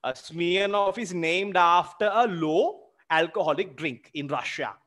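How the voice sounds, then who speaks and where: A man with a fairly high voice teaches an English literature seminar. He walks through the text line by line, defining terms patiently and checking in with his students as he goes. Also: unhurried, a bit bright. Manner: explains terms patiently, tags lines with "okay?" and "my friend". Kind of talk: explaining a play in a seminar.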